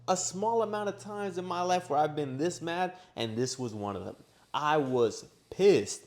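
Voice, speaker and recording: Young male vlogger, casual storytelling, animated delivery. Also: a little high, measured pace. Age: young adult. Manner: animated, acts out his own shouting in quoted lines. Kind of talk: personal storytelling. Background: washing machine running.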